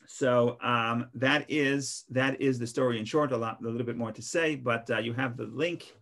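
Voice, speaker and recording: A man teaching a casual Torah class, his pitch sitting in an ordinary middle range. He talks conversationally, circling back and repeating words as he thinks. He has a lilt. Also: fairly even intonation, normal speed, creaky, hardly any pauses, a bit bright. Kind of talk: informal online Torah class.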